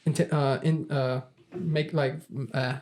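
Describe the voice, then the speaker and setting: A man's voice: on the high side, steady tone, slow pace, darkish tone. A man hosting a casual podcast quiz, reading idiom origins aloud with stumbles and laughs. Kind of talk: casual group podcast chat.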